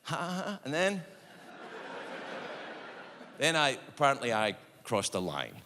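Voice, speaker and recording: A man doing stand-up, telling a story about a friend in an animated, sheepish way. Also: medium pitch, unhurried. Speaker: stand-up comedian. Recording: live hall recording with noise.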